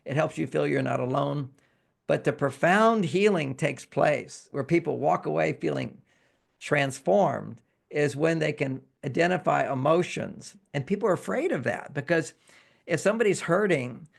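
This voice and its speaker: Male relationship-expert guest, raised pitch, gravelly, lively interview explainer. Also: normal speed. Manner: animated, acts out example phrases in quotes.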